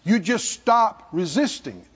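A man preaching a sermon to a congregation, speaking slowly and pausing for asides to his listeners. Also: sits high, animated, a bit bright, husky. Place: church hall. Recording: dull sound in a hall with long reverb.

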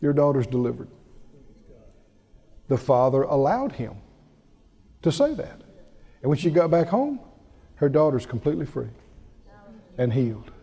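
A man's voice: moderate pace, long pauses, breathy edge. A man preaching a sermon, telling a story with laughter and acting out what people said. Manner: lively, wide-ranging pitch.

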